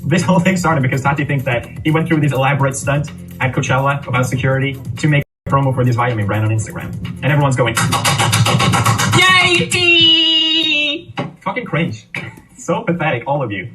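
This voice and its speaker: A man rattles off blunt, critical commentary on a video. He sounds set back from the mic, with music clearly playing underneath. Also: medium pitch, fast. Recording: distant voice over music, played from a video.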